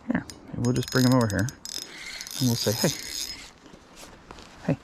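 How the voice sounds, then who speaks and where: A man filming himself fishing a small creek outdoors, chatting excitedly and talking to the fish as he reels them in. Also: medium pitch, normal speed, creaky, background noise. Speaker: fishing vlogger. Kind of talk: casual on-the-spot fishing vlog.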